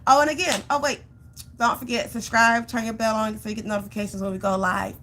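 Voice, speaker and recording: A woman vlogger talking straight to her viewers and urging them past their fears. She tells her stories with lively, acted-out panic and repeats phrases for emphasis. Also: fairly high pitch, fast talker, slight background noise. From Georgia, US. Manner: animated storytelling, acts out her own panic. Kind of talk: motivational vlog talk.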